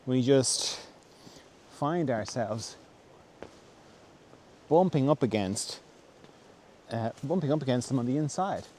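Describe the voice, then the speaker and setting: A man answering a viewer's question in a gentle, reflective talk. He thinks aloud with pauses and restarts. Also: medium pitch, lively intonation, slight background noise. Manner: softly acts out quoted voices, dropping to a whisper. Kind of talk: reflective spoken talk on self-help.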